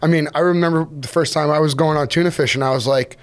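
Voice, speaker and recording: A man's voice: a little high, fairly even intonation, quick pace, clear, resonant tone. A man from the United States telling fishing stories in casual podcast chat, laughing often and acting out what other people said. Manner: storytelling, laughing, acts out other voices. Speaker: podcast guest, fishing guide.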